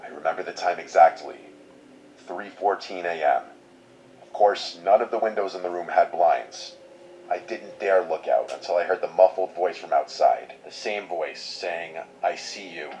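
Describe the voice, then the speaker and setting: A man reading a scripted horror story in a measured, somber way. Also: low-pitched, dark tone. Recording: dull lo-fi sound, faint noise.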